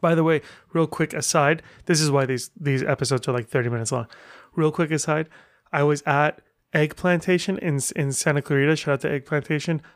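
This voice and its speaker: A man's voice: fairly high pitch, fairly even intonation, brisk, no room sound, clean studio sound. A middle-aged man hosting a casual solo podcast, telling stories in a chatty way full of rambling asides. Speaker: podcast host.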